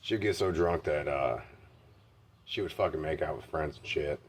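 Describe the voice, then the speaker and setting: A man's voice: very deep voice, moderate pace, a little hiss or hum. A man telling candid personal stories in a blunt, heavily profane way. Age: adult. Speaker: vlogger.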